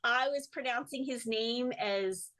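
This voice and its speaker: A woman's voice: a little high, measured pace. An American woman, a guest artist, telling stories in a casual interview, acting out quotes and laughing often. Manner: animated storyteller, acts out quotes, laughs often.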